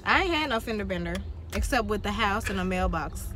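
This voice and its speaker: A woman's voice: medium pitch, lively intonation, crowd noise. A young woman vlogging from a car, teasing and bossing her passenger around and laughing often. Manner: teasing, bossy, quick to laugh. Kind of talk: casual chat. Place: inside a car. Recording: loud car noise behind.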